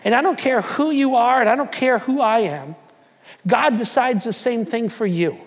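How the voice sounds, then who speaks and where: A man preaching a sermon to a church, emphatic and repetitive, sinking into soft prayer. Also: extremely high pitch, moderate pace, in a large hall. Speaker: pastor. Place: church hall.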